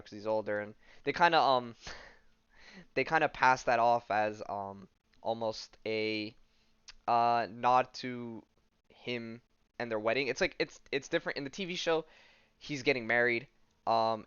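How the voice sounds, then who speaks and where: A man of mid pitch talks casually as a podcast host, wandering through a comic book recap with plenty of fillers. His voice is smooth and clear. The recording is dry, with a muffled, lo-fi edge. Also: a bit bright, no room sound. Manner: rambling, loose delivery full of fillers.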